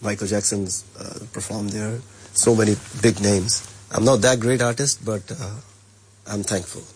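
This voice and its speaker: A man with a Punjabi accent, a native Punjabi speaker, gives a short, halting and humble backstage interview. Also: lowish voice, steady tone, a little mellow, slight background noise. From Punjab, India. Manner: halting, humble, with many pauses and fillers. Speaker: music star interviewee.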